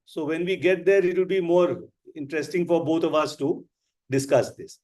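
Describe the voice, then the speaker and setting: A man with an Indian English accent teaching a live class, explaining slowly and with emphasis. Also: on the high side, steady tone, darkish tone. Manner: slow, deliberate, emphatic explaining. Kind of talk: live online class lecture.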